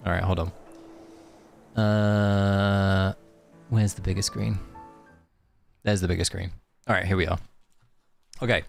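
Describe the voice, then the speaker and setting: A man's voice: sits low, gravelly. A young man streaming a game, chatting loosely with viewers and thinking aloud, with lots of fillers and restarts. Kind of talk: casual live-stream chat.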